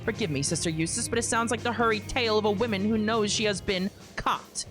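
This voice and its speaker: A woman voicing a cold, scheming young nun in a soft, low, mocking voice. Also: fast, music in the background, close to an everyday voice. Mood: accusing.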